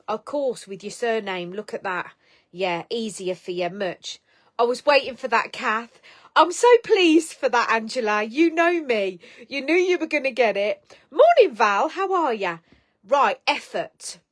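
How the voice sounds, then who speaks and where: A woman hosting a live stream, chatting casually with viewers in a blunt, sweary, affectionate and teasing way. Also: on the high side. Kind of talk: casual chat greeting viewers.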